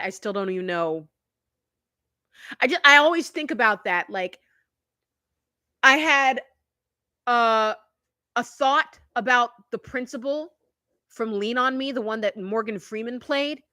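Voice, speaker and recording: A woman's voice: on the high side, measured pace, long pauses, bright, forceful tone, dry recording, studio quality. A woman in her fifties hosting a casual live-stream chat, telling stories in a confiding, chatty way and laughing often. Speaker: YouTube channel host.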